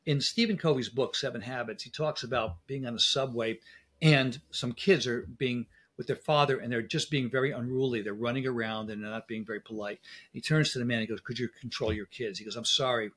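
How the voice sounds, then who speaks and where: Husky-voiced middle-aged man telling anecdotes. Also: mid-range voice, steady tone, fairly quick, a bit bright. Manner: anecdotal, speaks in quoted exchanges. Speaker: guest, dental implant specialist. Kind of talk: casual interview talk.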